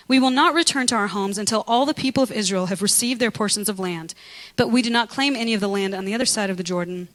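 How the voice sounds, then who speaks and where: A woman pastor preaching a lively, conversational sermon, acting out biblical figures with humor. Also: medium pitch, low-quality recording.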